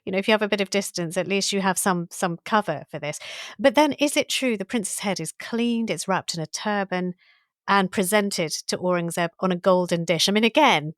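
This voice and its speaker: A woman hosting a history podcast, telling stories in an animated, theatrical way. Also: mid-range voice, a little fast, no room sound, clean studio sound. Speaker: podcast host.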